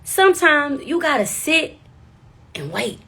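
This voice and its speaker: A woman in her twenties from Houston, telling a story in an animated, profane, slangy way. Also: sits high, takes it slowly, vocal fry. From Houston, Texas. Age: 20s. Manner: lively, profane, playful slang. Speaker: vlogger.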